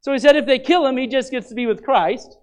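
Man pastor, fairly high voice, earnest sermon delivery that swells and falls. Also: quick pace, smooth. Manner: earnest preaching, voice rising and dropping for emphasis.

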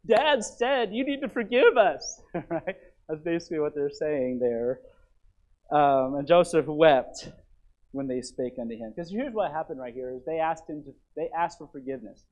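A man preaching a sermon, swinging from emphatic, raised passages to quiet, earnest questions to the congregation. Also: fairly high pitch. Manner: rises to emphatic then drops to quiet earnest. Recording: dull lo-fi recording.

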